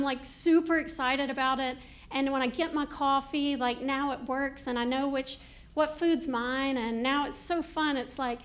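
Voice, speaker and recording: High-voiced woman doing stand-up. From Georgia, US. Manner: animated, chatty, full of "like" asides. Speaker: stand-up comedian. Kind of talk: stand-up comedy set. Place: comedy club stage.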